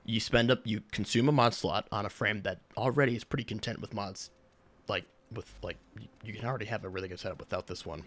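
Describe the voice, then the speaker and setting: A man's voice: fairly low pitch, a bit bright. A young man chatting casually with his stream chat while gaming, rambling, sarcastic and swearing a lot.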